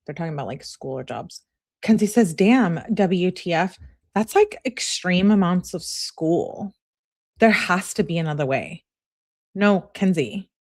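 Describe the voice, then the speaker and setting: A woman's voice: lowish voice, a little mellow. A woman host reading text messages aloud and commenting on them in a sassy, casual way, often laughing and talking back. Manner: sassy, laughs and talks back to what she reads.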